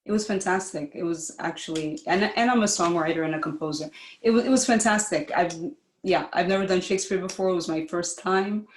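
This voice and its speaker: Woman from Dominica, chatty performer, somewhat low voice, heard in an echoey room over a video call. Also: a little hiss or hum. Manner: lively, quick and laughing. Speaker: guest performer.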